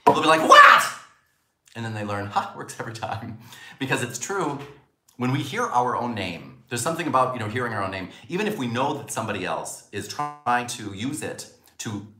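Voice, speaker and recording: Lively, bright-voiced male coach. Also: mid-range voice, fairly quick. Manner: animated, acts out quoted lines. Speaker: communication coach. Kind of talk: spoken lesson. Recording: roomy echo.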